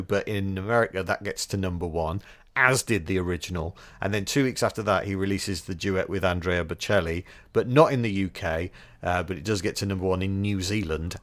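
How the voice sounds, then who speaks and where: A man co-hosting a pop chart podcast, sharing chart trivia with dry, deadpan jokes. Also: low voice, no room sound. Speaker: podcast co-host. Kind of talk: casual chat about pop charts.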